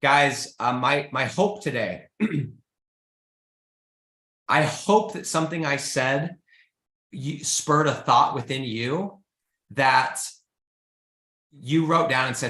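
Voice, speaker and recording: A man's voice: mid-range voice, measured pace, long pauses, roomy sound. A man hosting a live business show, talking casually and urging listeners to get started, often calling out "guys". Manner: energetic, pleading, says "guys" and "freaking" often. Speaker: host. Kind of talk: motivational live-stream talk.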